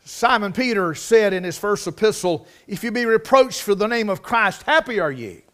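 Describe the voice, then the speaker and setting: A man's voice: sits high, expressive, moderate pace. A man preaching a sermon, folksy and repetitive, rising to emphatic bursts. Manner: rises to emphatic, loud bursts.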